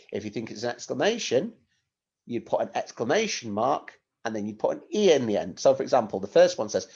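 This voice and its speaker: A male primary school teacher with a medium-pitched, slightly mellow voice gives a recorded lesson to young children. He explains things patiently, gives clear instructions, and poses rhetorical questions to the kids. The recording is dull and lo-fi.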